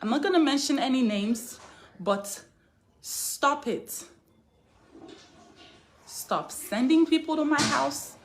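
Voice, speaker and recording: A young woman from Africa vlogging straight to camera, her voice sitting a little high. She is indignant and hammers the same phrases again and again, swelling into defiant outbursts. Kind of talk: emotional direct-to-camera vlog.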